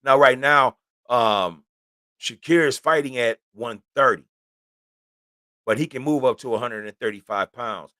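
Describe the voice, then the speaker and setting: A man's voice: medium pitch, unhurried, long pauses, bright, forceful tone, dry recording, clean studio sound. A middle-aged man hosting a casual sports talk show, chatting loosely and keeps asking "you know what I'm saying". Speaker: host.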